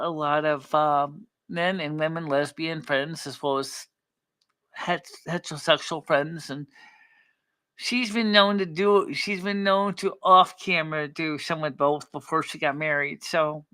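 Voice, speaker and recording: A woman's voice: sits low, sharp tone. A woman hosting a live chat stream, telling stories in a chatty, gossipy way with frequent laughter. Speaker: livestream host. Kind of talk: casual chat.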